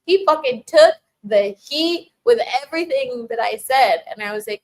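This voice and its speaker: A woman chatting casually to her livestream audience, her voice sitting a little high. She laughs often, restarts sentences and scatters filler words as she reads out and answers viewers' messages. The talk runs loose and conversational. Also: lively intonation, moderate pace, a little hiss or hum, low-quality recording. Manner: warmly thanks viewers reading chat. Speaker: livestream host answering chat. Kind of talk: casual chat.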